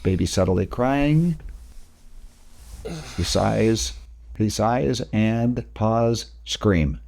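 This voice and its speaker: A man talking through video editing steps in a casual software tutorial, explaining each click as he goes. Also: fairly low pitch, extremely slow, vocal fry. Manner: casual, talks through each step while working. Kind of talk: screen-recorded software tutorial.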